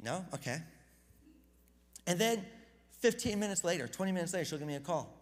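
A pastor giving a casual, conversational sermon, energetic and self-deprecating, often repeating words as he gets going. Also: high-pitched, brisk. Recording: reverberant hall.

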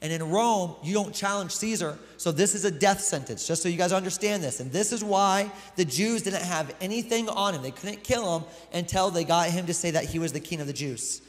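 A man preaching in a large hall, his voice a little higher than most men's. He talks earnestly and directly to the congregation, and a long reverb trails behind every phrase. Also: brisk, hardly any pauses. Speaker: pastor. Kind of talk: sermon reading scripture.

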